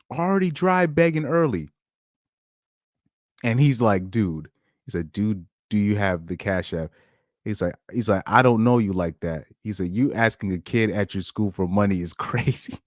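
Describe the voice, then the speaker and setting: A man hosting a podcast, reacting to screenshots in a rambling, animated way, often laughing and jumping up in pitch when amazed. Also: no echo, studio quality. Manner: rambling, with frequent restarts. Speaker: podcast host. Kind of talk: casual commentary reading screenshots.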